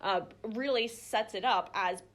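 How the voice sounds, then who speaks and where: A woman's voice: medium pitch, measured pace, fairly bright tone. A young woman teaching a small group Bible study in a conversational way, with lots of fillers and restarts. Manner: conversational, acts out quoted voices, many fillers and restarts.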